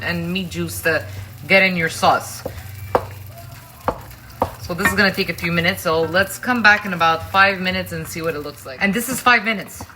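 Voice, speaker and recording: A woman's voice: mid-range voice, noisy background. Chatty woman cooking over a sizzling pan. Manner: chatty, talks straight to viewers, frank asides. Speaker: cooking show host. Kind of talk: casual cooking demonstration. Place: kitchen at the stove. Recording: clear frying and sizzling behind the voice. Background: sizzling pan, stirring, clicks.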